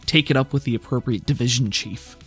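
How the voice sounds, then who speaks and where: A man voicing a brisk, commanding female official with mantis legs, giving curt, businesslike orders. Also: medium pitch, fairly bright tone, breathy edge, faint music behind. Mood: formal.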